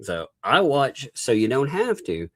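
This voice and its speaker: A man's voice: medium pitch, huge pitch swings, a little slow, no room sound, studio quality. A man with a Southern US accent hosting a live commentary stream, sarcastic and amused, chuckling often as he talks. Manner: chuckles often while talking. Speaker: livestream host.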